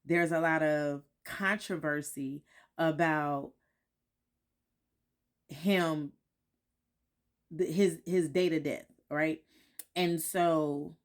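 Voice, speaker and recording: A woman vlogging at home in a candid, reflective way, often repeating herself and checking in with "right?". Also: deep voice. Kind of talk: casual reflective talk to followers. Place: home, morning.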